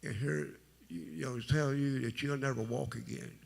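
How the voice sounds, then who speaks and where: Gravelly deep-voiced man. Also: fairly even intonation. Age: middle-aged. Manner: rambling, halting, folksy storytelling. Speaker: testimony speaker. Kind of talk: personal testimony at a church service.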